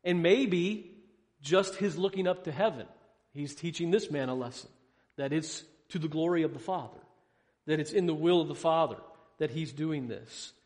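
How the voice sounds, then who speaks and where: A man preaching a sermon, asking rhetorical questions and swinging between loud emphasis and hushed, low passages. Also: moderate pace. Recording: long hall reverb.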